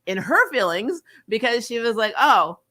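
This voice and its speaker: A young adult woman hosts a casual review chat with a bright, clear voice, talking in an easy, middle register. She is chatty and full of fillers, and often laughs as she retells a story. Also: mid-range voice, expressive, moderate pace. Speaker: host.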